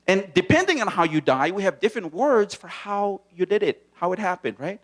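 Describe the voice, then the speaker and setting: A stand-up comedian from Hawaii performing in a small comedy room on a handheld stage mic, playful and animated, often dropping into silly voices. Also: male voice, brisk, few pauses. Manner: animated, playful, slips into character voices and movie-trailer deep voice.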